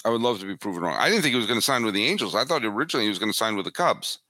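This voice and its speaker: A man guesting on a sports podcast, talking in an animated way and often repeating words as he builds his points. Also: fairly low pitch, very fast, no room sound, studio quality. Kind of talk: casual sports podcast chat.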